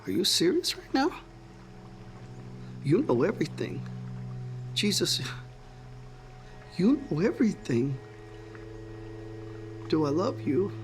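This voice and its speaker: An actor playing the apostle Peter as an impulsive, chatty adult man who thinks out loud in a comic church skit film. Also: fairly high pitch, exaggerated voice. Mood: earnest. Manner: excitable, rambling, thinks out loud.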